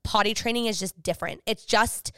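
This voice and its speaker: A woman's voice: mid-range voice, a little fast, fairly bright tone, clean tone, no echo, studio quality. A young woman co-hosting a podcast in casual, emphatic chat. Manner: chatty, emphatic, exaggerating for effect. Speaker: podcast co-host.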